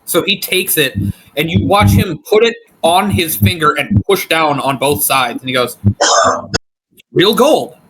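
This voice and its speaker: A man narrating as game master of a tabletop game, describing scenes in an unhurried way. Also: a little high, noisy background.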